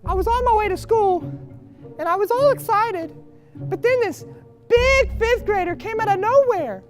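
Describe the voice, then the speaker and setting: A man's voice: lively intonation, normal speed, soft background music. An eager little five-year-old boy. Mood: pleading. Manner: high childish squeak, eager then pleading.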